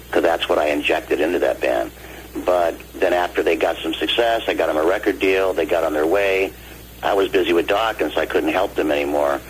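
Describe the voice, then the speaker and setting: Low-voiced older man on a phone line. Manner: animated, acts out quoted dialogue. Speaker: guest vocalist and producer. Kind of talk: phone interview storytelling. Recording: phone call with faint noise.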